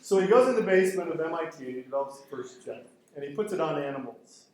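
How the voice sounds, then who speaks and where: A middle-aged man with a fairly high voice lectures at a conference and slips into the voices of the people in his anecdotes as he tells them. He is recorded in a very echoey hall, with faint noise underneath. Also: fast talker. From Canada. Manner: lively storytelling, acting out quoted exchanges.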